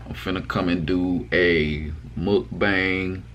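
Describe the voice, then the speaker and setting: A man's voice: sits low, steady tone, a little slow, long pauses, fairly bright tone, a little hiss or hum. A young man chatting casually to his viewers in a vlog, rambling loosely with lots of fillers and restarts. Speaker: vlogger. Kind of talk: casual mukbang chat to camera.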